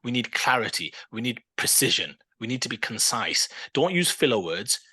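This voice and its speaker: A man co-hosts a casual football podcast, his voice bright and forward. He argues his points in an animated, opinionated way, breaking into fillers and restarts as he thinks aloud. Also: medium pitch, normal speed, breathy edge. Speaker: podcast co-host.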